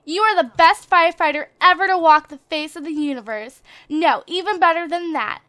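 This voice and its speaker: A woman's voice: extremely high pitch, a little fast, pushed and bright, dry recording, voice pushed up. A woman voicing a game character who heaps effusive, over-the-top praise. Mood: gushing.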